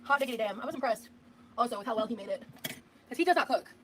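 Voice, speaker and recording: Chatty higher-voiced woman cooking on stream. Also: expressive, fast talker, slight background noise, low-quality recording. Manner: rambling, chatty, swears casually. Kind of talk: casual live-stream chat while cooking.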